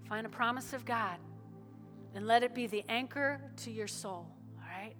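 A woman pastor preaches in a lively, conversational way, often tossing out quick check-ins to her listeners. Her voice sits a little high and sounds bright and forceful. It rings with a long hall reverb, and soft music plays underneath. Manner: lively, conversational preaching with frequent "all righty?" asides. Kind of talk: sermon.

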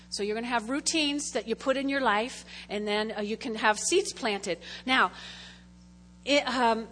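Woman pastor, high voice, chatty sermon with call-outs, long hall reverb. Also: a bit bright, slight background noise. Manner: chatty, repeats phrases, asks the congregation questions. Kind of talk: casual sermon.

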